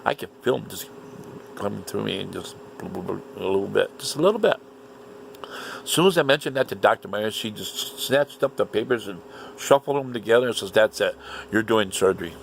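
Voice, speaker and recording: A man telling a story in an animated, indignant rant, swearing often. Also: on the low side, normal speed, vocal fry, a little hiss or hum. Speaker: vlogger. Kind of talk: casual ranting monologue.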